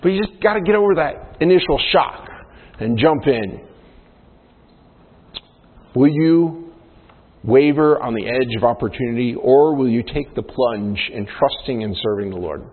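A man's voice: mid-range voice, expressive, a little slow, long pauses, breathy edge. Man preaching, earnest sermon delivery, tinny narrow sound, long hall reverb. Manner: earnest, asks the congregation many questions. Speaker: pastor.

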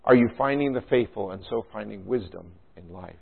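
A man's voice: on the low side, a little fast, creaky, husky. A man preaching a sermon and tossing in rhetorical questions and a frequent "right?". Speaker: pastor. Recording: tinny phone-like sound.

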